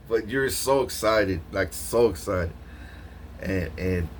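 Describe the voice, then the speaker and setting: Vlogger guy, lowish voice, rambling and slangy, laughs a lot, faint hiss behind. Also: a little slow. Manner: animated, laughs often, slangy, lots of restarts. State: just woke up from a nap. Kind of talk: rambling casual monologue to camera.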